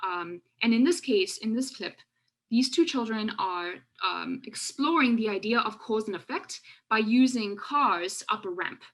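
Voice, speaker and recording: A woman's voice: mid-range voice, lively intonation, a bit bright. A woman researcher giving an online lecture over a video call, explaining classroom clips with many fillers and restarts. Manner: halting, frequent fillers and restarts. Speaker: education researcher presenting a webinar. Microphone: video call with screen sharing.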